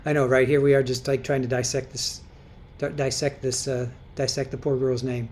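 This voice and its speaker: A woman's voice: very deep voice, little pitch movement, moderate pace, a little hiss or hum. Chatty woman hosting a livestream. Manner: chatty, repeats and restarts words, laughs softly. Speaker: livestream host. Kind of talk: casual livestream commentary reading viewer chat.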